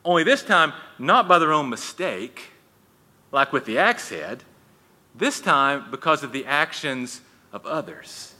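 A man's voice: a little high, sing-song, a little slow, sharp tone. A man preaching a sermon in a conversational way, with frequent restarts and folksy asides. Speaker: pastor. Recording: long reverb in a hall.

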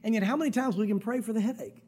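A man preaching a conversational sermon, acting out prayers and voices with sudden shouts. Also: high-pitched, very fast, husky. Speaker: pastor.

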